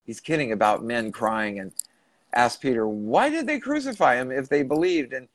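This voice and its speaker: A man's voice: medium pitch, expressive, normal speed, dry recording. Male podcast host, earnest storyteller, mid-range voice, dry recording. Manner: earnest, retelling and rephrasing questions. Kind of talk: recounting a channeling session.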